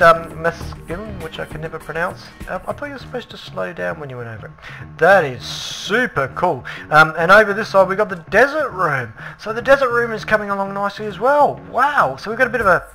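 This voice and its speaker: Male let's play host, crisp forceful tone, eager, ums a lot, casual commentary. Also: high-pitched, a little fast, faint music behind. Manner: chatty and excitable, many ums and restarts. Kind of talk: casual game tour commentary.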